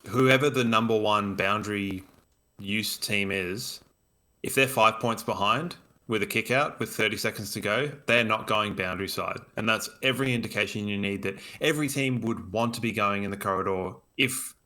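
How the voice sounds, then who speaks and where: Forceful opinionated man. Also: lowish voice, moderate pace. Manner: emphatic and opinionated. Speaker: podcast co-host. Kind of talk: casual sports podcast chat.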